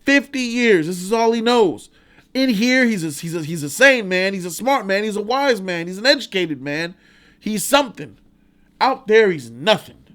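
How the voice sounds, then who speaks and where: A wise, firm long-serving prisoner makes his point emphatically, voice raised and pitched up, as a man acts him out in a review. Each phrase lands with weight. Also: animated, moderate pace, a bit bright. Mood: emphatic. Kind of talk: acting out quotes in a vlog review.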